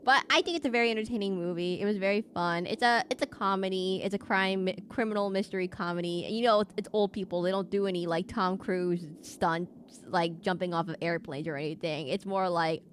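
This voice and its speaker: A woman's voice: medium pitch, fairly quick, slight background noise. A woman streaming a video game, chatting in a rambling casual way with many fillers and restarts. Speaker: VTuber streamer.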